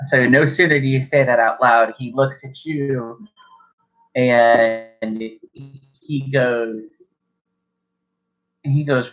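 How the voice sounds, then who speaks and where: A man's voice: mid-range voice, steady tone, very slow, pauses often, soft background music. A man running a horror tabletop game as game master, rambling, self-correcting, swearing casually. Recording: dull lo-fi recording.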